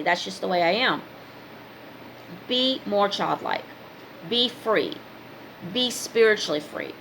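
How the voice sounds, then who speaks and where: On a low-quality recording with a little hiss or hum, a woman with a fairly high, sharp voice speaks casually to her viewers. She's a spiritual advice vlogger and card reader who preaches emphatically, repeating commands again and again.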